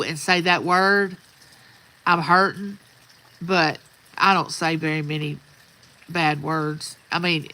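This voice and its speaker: A woman's voice: deep voice, pushed and bright, rough recording. An older woman, telling folksy stories in a rambling, casual chat outdoors. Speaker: vlogger. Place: outdoors at sunrise.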